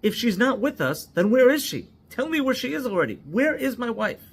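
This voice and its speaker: A man voicing a frantic, shouting husband. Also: very high voice, big pitch swings, brisk, gravelly, husky, pitched above the performer's own voice, exaggerated voice. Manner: panicked, shouting questions.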